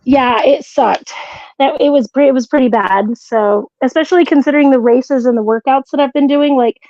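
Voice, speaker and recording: A woman's voice: high voice, moderate pace, dark tone, no echo, muffled recording. A woman co-hosting a live sewing stream, telling a rambling story in casual chat. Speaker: co-host.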